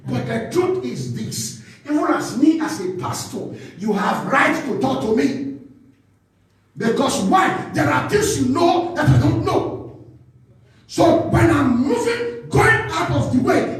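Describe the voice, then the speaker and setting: A man's voice: extremely high pitch, lively intonation, takes it slowly. A man preaching a sermon as pastor, emphatic and calling out for responses from the congregation. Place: church hall. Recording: echoey church hall from far off.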